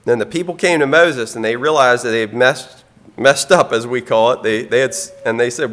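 A man preaching a sermon in an earnest, plain-spoken way, with frequent ums and some throat clearing. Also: mid-range voice, moderate pace, a bit bright.

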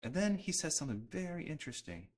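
A man's voice: a little high, sing-song, fast talker, a little mellow. A man preaching a sermon, talking earnestly and conversationally and often restarting his sentences. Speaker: pastor.

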